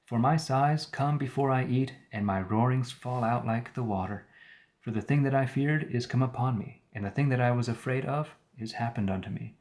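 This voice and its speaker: Speaking in a mid-range, slightly mellow voice, this man reads scripture on a live stream. He works through the archaic text, stopping occasionally to put old words in plainer terms and offer commentary.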